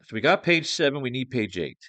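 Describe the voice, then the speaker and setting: Male comics-writing teacher, mid-pitched, dry close sound, talks to himself while drafting. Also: very animated, fairly quick, pushed and bright, dry recording. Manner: muttering, swears at his computer. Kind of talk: thinking aloud while drafting a script.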